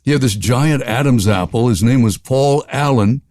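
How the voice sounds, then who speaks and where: Older Southern-raised radio veteran, interview guest, loves jokes and silly voices; dry close mic. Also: male voice, mid-range voice, normal speed, a little mellow, no echo. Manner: jokey, playful voices, laughs often. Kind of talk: storytelling interview.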